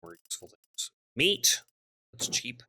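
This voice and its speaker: In a dry, studio-quality recording, a man talks a little slowly as he streams a strategy game. His casual commentary is mumbled, with game text read aloud and sentences that trail off quietly.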